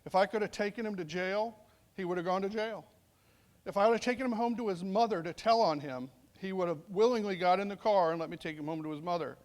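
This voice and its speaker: Speaking quickly, a middle-aged police sergeant relates a story to a veterans summit in a fairly high voice. His tone is chatty, and he voices pieces of dialogue along the way.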